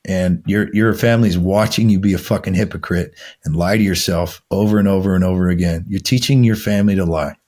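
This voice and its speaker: A man's voice: deep voice, fairly even intonation, a little fast, hardly any pauses, darkish tone. A man coaching other men, talking in an intense, profane, preachy way as a podcast guest. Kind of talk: blunt motivational talk.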